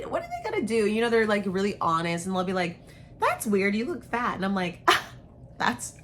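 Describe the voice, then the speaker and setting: A young adult woman with a fairly low, fairly bright voice hosts her own channel, with a little hiss or hum in the audio. She talks frankly and chattily to the camera, tossing in slangy asides.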